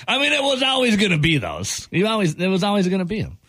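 A man's voice: sits high, wildly swooping pitch, fast talker, fairly bright tone, no room sound. A man hosting a casual sports talk show, playful and mocking as he riffs on jersey details. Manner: playful, mocking, mimics overhyped phrases.

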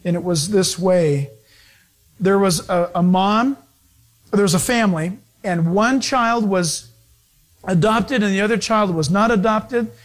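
Animated high-voiced male pastor. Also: measured pace. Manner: animated, acts out overheard voices, laughs often. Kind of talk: sermon with storytelling.

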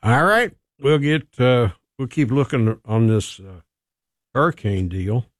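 A man's voice: medium pitch, lively intonation, measured pace, no room sound, studio quality. A man co-hosting a radio show, chatting casually and reading a food news item with joking asides. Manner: easygoing, chatty, reads news items with asides. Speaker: radio co-host.

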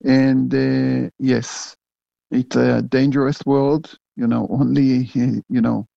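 An older man, a retired general answering interview questions in a halting way, full of fillers and restarts. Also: medium pitch, level tone, gravelly, mellow, no echo, dull audio. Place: home in a big city.

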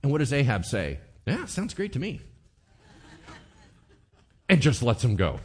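A man preaching a sermon, telling a Bible story playfully and acting out the characters in quick bits. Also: mid-range voice, huge pitch swings, a little mellow, slightly rough. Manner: playful, acts out characters with voices and laughs. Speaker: pastor.

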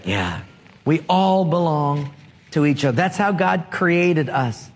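A man's voice: fairly high pitch, lively intonation, slow pace. A man preaching a sermon, telling humorous stories and prompting the congregation to answer. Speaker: pastor. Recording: long hall reverb.

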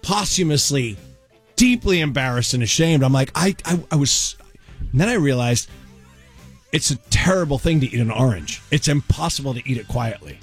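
A man co-hosting a radio show, telling a story in casual on-air banter, animated and self-mocking, with a husky voice. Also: mid-range voice, normal speed, faint music behind. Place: radio studio. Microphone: studio microphone.

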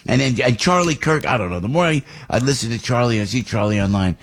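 A middle-aged man talks into a studio microphone as a radio host, airing his opinions with heat. His pitch swings widely, rising high on outbursts and sinking into low, confiding asides. The voice has a husky, slightly rough grain. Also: animated, fast, hardly any pauses. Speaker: radio talk show host.

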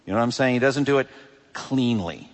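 Man, pastor preaching, mid-pitched voice, emphatic rises and hushed drops, long hall reverb. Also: lively intonation, brisk. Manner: emphatic preaching with sharp swings between loud peaks and hushed drops. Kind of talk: sermon.

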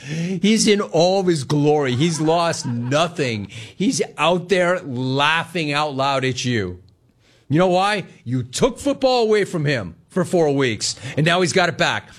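A man's voice: a little high, expressive, slow. A middle-aged man hosting sports talk radio, needling listeners with sarcastic riffs and reading chat comments aloud. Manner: sarcastic, needling, laughing at callers.

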